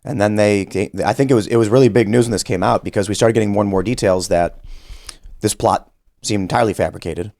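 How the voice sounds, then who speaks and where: Male podcast host, quick interviewer with a low voice. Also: gravelly, a little mellow, no echo. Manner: rapid, with frequent restarts. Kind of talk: interview questions. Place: podcast studio.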